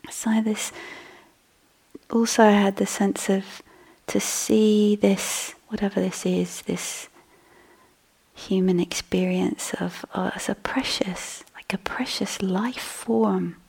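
Soft, husky woman giving a dharma talk. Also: mid-range voice, fairly even intonation, slow. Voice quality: husky, gravelly. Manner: soft, breathy, often drops to a whisper. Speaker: meditation teacher. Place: meditation hall.

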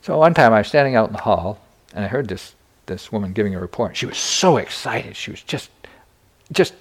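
A man's voice: fairly low pitch, lively intonation, fairly quick. Older man giving a candid dharma talk. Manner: candid storytelling with self-deprecating humor. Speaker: meditation teacher.

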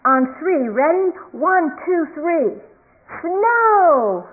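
A woman voicing a frustrated little boy who yells, whines and bargains with the sky for snow. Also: extremely high pitch, big pitch swings, extremely slow, voice pushed up, exaggerated voice. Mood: demanding. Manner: shouting, whining, bargaining. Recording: tinny phone-like recording.

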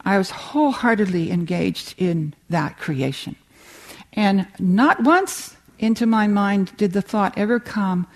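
An older American woman giving a warm, humorous talk on creativity, telling stories and reading slowly from a book. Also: mid-range voice, lively intonation. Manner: warm, humorous storytelling with slow reading passages. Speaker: meditation teacher giving a talk.

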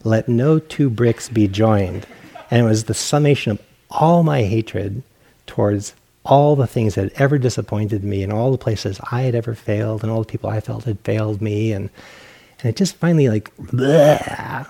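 A man's voice: fairly low pitch, a little fast, gravelly, dark tone. A male meditation teacher giving a dharma talk, telling a personal story in a self-mocking way and acting out his own inner voice.

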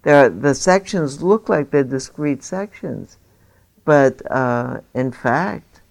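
A woman's voice: a bass voice, expressive, slow, vocal fry. A woman meditation teacher leading a group dharma discussion, encouraging and chatty with rambling asides. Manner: warm, encouraging, laughs easily, rambling asides.

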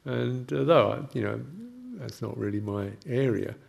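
Gentle, halting older male monk. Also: medium pitch, creaky. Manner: gentle, halting, with soft laughs. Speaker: Buddhist monk teacher. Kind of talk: reflective talk with anecdotes.

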